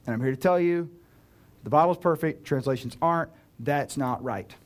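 A man preaching a sermon as a pastor, earnest and direct, swinging between loud urgent pleading and hushed, slow emphasis. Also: fairly high pitch. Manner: earnest, direct address to listeners.

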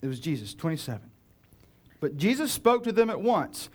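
A man's voice: on the high side, very animated, moderate pace. A male pastor preaching a sermon in a casual, joking way, with playful asides and acted-out dialogue.

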